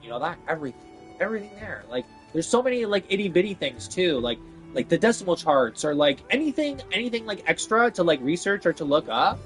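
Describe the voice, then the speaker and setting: A man rants casually about his job, swearing freely and piling up fillers as his exasperation spills out. His voice sits somewhat high for a man. Faint music plays in the background. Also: very animated, quick pace. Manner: profane, exasperated, rambling with many fillers. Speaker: vlogger venting about work. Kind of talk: casual rant.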